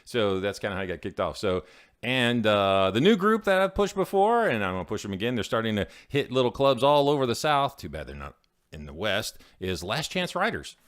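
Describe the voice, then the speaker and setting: Low-voiced man, joking podcast co-host. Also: fairly quick, clean tone. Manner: joking, lively, mock announcer flourishes. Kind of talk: casual chat. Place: home podcast studio.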